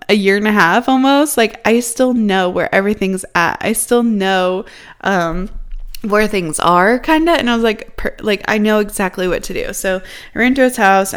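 A woman's voice: mid-range voice, clean tone. A young woman vlogger telling a casual story in a chatty way, filling her talk with "like". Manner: chatty, heavy use of "like" as filler.

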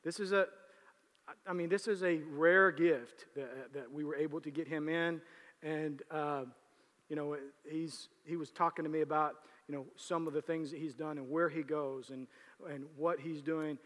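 A man leads his church as pastor, his voice sitting slightly high. He talks casually and jokes, then builds into emphatic preaching. The sound rings with the long echo of a large sanctuary. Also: steady tone, normal speed, fairly bright tone. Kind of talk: sermon with church announcements. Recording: reverberant church hall.

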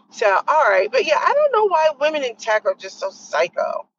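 A young adult woman hosting a podcast, telling a workplace story in a casual, exasperated way and lowering her voice to quote others. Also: huge pitch swings, unhurried. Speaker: podcast host. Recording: dull lo-fi sound with faint noise.

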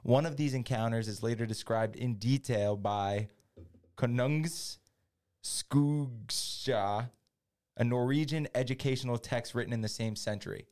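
A man hosting a casual podcast who reads trivia questions aloud at an even pace. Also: mid-range voice, brisk, hardly any pauses. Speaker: quiz host reading trivia questions.

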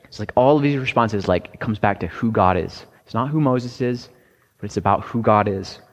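A man preaching a conversational sermon, halting at times with restarts and fillers. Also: fairly low pitch. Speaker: pastor. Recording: long hall reverb.

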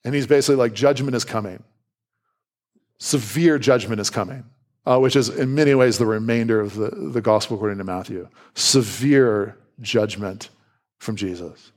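Guy pastor preaching, chatty and animated, mid-pitched voice, jokes around a bit. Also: a little fast. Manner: conversational, animated, playful asides. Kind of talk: sermon.

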